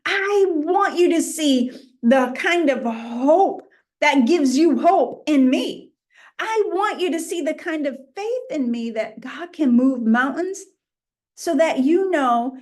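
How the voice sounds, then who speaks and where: High, slow-paced woman teaching the Bible. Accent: New England. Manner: animated, acts out imagined voices, laughs. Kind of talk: informal Bible lesson.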